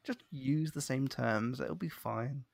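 A man's voice: mid-range voice, takes it slowly, creaky, no echo. A man from London with an English accent, hosting a podcast interview in a chatty, self-deprecating way. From London, England. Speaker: podcast host. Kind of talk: casual interview chat.

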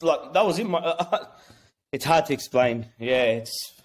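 A man with a high-sitting voice tells a personal story in a rambling, excited way. He swears freely and acts out what others said. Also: unhurried. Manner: acts out quotes. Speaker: guest. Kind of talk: casual storytelling.

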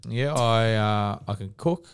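A man's voice: fairly low pitch, a little slow, clear, resonant tone. A man co-hosting a podcast, joking crudely and laughing through casual banter. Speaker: podcast co-host.

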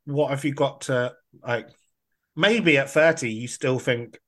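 A man's voice: medium pitch, measured pace, fairly bright tone. A man on a football podcast, thinking aloud and restarting his sentences. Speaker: podcast panelist. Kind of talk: casual football chat.

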